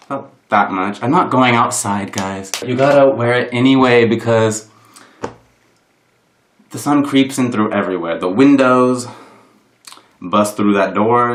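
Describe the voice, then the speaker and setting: A young man chatting through a casual makeup tutorial at home, rambling and mocking himself, filmed on a camera propped on a box. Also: lowish voice. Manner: self-deprecating, rambling, full of "like". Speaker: vlogger. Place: room at home. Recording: roomy echo of a home room.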